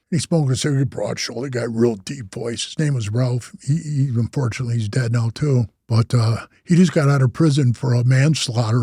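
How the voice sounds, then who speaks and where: With a mellow, slightly rough mid-range voice, a former biker club president from Wisconsin, now older, rambles through casual stories, slangy and leaning heavily on "bro" and "man." The recording is dry and of studio quality.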